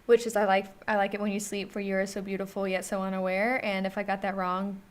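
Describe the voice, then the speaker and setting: A woman's voice: medium pitch, little pitch movement, quick pace. A young woman co-hosting a casual podcast, talking in a rambling, self-deprecating, giggly way. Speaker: podcast co-host. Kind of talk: casual chat.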